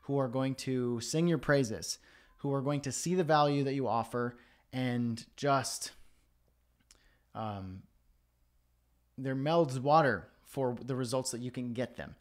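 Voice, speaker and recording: Male livestream host, mid-range voice, relaxed advice-giving, fillers, home studio. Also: medium pitch, takes it slowly, long pauses. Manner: conversational, self-deprecating, frequent fillers.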